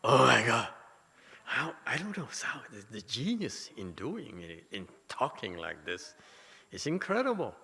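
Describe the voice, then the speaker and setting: A man teaching a Buddhist dharma lecture, animated and teasing, with many rhetorical questions to his listeners. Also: medium pitch, a little slow, gravelly, breathy edge. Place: temple lecture hall. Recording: hall reverb.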